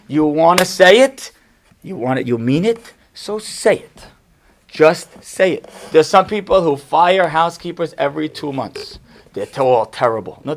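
A rabbi with a high-pitched voice and a gravelly edge teaches a live class. He hammers his points home with short, punchy repetition and slips in wry asides. He is a middle-aged man. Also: a bit bright. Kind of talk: Torah class to a live audience.

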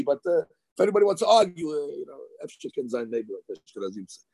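Animated gravelly man teaching Talmud. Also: fairly high pitch, fast talker, no room sound. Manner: animated, excitable, mixes Hebrew terms into English. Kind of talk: Talmud study session.

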